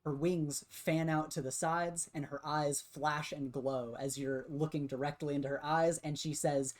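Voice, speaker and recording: A woman narrating a tabletop game as game master, relaxed and giggly, with many fillers. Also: deep voice, measured pace, hardly any pauses.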